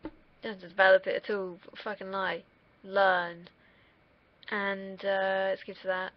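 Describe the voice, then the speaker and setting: A woman's voice: medium pitch, little pitch movement, a little slow. A young woman from the United Kingdom, rambling candidly in a casual solo livestream and swearing freely. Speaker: streamer. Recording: dull lo-fi mic.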